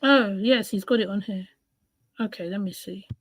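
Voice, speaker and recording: Calm woman streaming. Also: medium pitch, normal speed, dry recording. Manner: calm, steering, conversational. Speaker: streamer commenting on a clip. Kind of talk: casual live-stream commentary.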